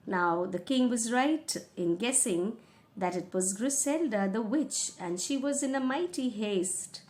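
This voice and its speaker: Woman teacher, slow and patient explanations, fairly high voice. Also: expressive, darkish tone. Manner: patient, paraphrases each passage in simple words. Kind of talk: explaining a school reading lesson.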